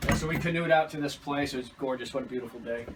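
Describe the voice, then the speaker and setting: A man working as a chimney sweep, chatting casually and telling animated anecdotes while he explains the job, recorded from a distance with outdoor noise behind. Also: medium pitch, quick pace.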